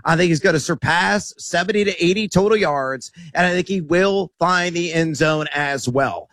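A man breaking down fantasy football picks on the radio, sure of himself and cracking jokes. His voice sits a little high, and the sound is close and dry. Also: normal speed, fairly bright tone, dry recording. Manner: confident, wisecracking. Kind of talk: sports radio analysis.

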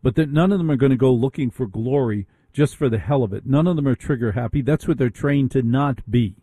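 A man's voice: medium pitch, a little fast, mellow, breathy edge, dry recording. A middle-aged man hosting a talk radio show, ranting with indignant rhetorical questions. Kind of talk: opinionated talk radio monologue.

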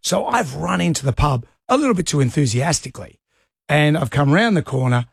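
A man's voice: fairly high pitch, lively intonation, brisk, creaky, husky, no echo, clean studio sound. A middle-aged Australian man hosting a radio show, telling a rambling story in casual chat. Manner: rambling anecdotes with laughs. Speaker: radio host.

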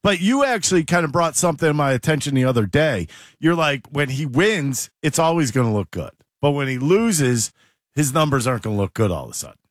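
Man, radio co-host, enthusiastic banter, lively pitch, slightly high voice. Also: brisk, dry recording, clean studio sound. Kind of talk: sports talk radio.

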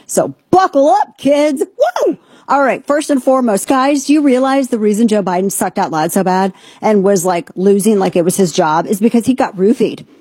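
A woman hosts a talk show in a brash, sarcastic way. Her voice is mellow and a little husky. The sound is dry and close, with no room around it. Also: medium pitch, a little fast, hardly any pauses, no echo. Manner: brash, sarcastic, mocking impressions. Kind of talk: opinionated radio talk.

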